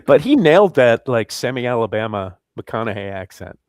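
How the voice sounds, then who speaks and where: A man's voice: medium pitch, a little mellow, no echo, clean studio sound. A man co-hosting a podcast, giving blunt, crude opinions in a casual film review chat. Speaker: podcast co-host.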